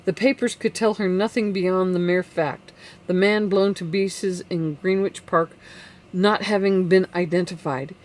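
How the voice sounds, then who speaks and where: An audiobook narrator with a medium-pitched voice reads a classic novel aloud in a measured, even storytelling manner.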